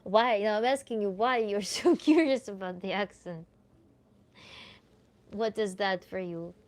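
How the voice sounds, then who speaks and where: On a live Q&A stream, a tantra coach whose native language is Russian replies to viewers in an unhurried, medium-pitched voice with a Russian accent. Relaxed and chatty, she peppers her answers with "like" and little laughs.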